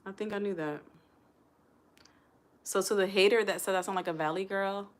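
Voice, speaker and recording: A woman's voice: medium pitch, fairly even intonation, normal speed. A woman hosting a casual live stream, chatting with viewers and calling them y'all.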